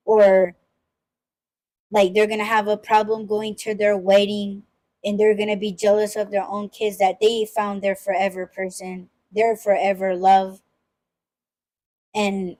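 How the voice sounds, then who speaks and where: A woman's voice: medium pitch, level tone, unhurried, a little mellow, rough recording. Blunt, profane woman ranting on a podcast. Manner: blunt, profane and ranting, mimics people she criticizes. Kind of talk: casual podcast talk.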